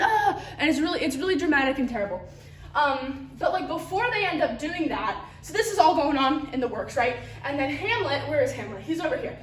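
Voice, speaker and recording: A very high-voiced woman rambles through a plot summary for her class, giggling and leaning on filler words. She sounds distant, picked up from across an echoey classroom. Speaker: student giving a class presentation. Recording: roomy, from a distance.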